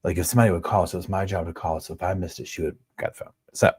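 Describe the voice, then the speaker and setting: A man's voice: low voice, steady tone, rapid-fire, a little mellow, husky, no room sound, studio quality. A man in his forties hosting a livestream from home, telling a casual, rambling story full of "like" and "you know.". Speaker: livestream host.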